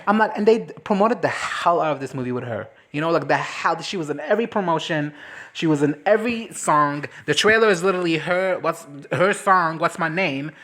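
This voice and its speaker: A woman chatting casually as a movie reviewer, animated and swearing, breaking into quick impressions of characters. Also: deep voice. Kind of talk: casual reaction chat.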